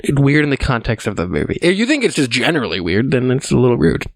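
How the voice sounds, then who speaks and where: A man's voice: mid-range voice, big pitch swings, quick pace, creaky, no echo. A man co-hosting a movie podcast, giving wry, chuckling commentary on a film with lots of fillers. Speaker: podcast co-host. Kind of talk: casual movie recap chat.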